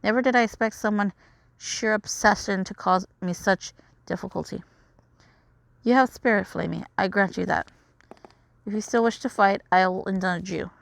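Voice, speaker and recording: A woman's voice: mid-range voice, normal speed, gravelly, long pauses, dry recording, lightly acted. A woman reading as a haughty, regal dragon prince. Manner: haughty, formal speech.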